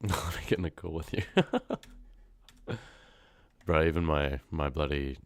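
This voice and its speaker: Deep-voiced New Zealand man chatting live. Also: steady tone, a little slow, no room sound. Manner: chatty, laughing, slangy, talks to the chat. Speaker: horror story narrator live-streaming. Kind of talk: casual live-stream chat with viewers.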